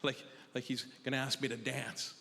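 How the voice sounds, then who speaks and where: A man telling an animated, exaggerated story as a stand-up comedian, often checking in with a quick "right?". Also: mid-range voice, creaky. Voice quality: animated, exaggerating, tag questions. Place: comedy festival stage in a large hall. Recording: reverberant live hall with audience noise.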